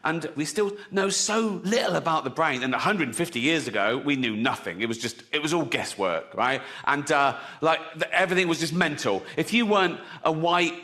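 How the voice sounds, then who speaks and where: A man performing a stand-up routine, deadpan storytelling with acted-out dialogue. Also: on the high side, a little fast, few pauses. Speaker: stand-up comedian. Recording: reverberant venue, faint noise.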